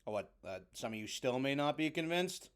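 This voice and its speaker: A man's voice: mid-range voice, expressive, fairly quick, a little hiss or hum, lightly acted. A man playing a brash wrestler who calls himself the god of fire, delivering a blustering, indignant heel promo.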